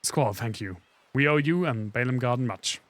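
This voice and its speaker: A man's voice: medium pitch, animated, normal speed, a bit bright, no room sound, lightly acted. A man voicing a stern young male student leader in a game, with a put-on German accent and formal, clipped speech.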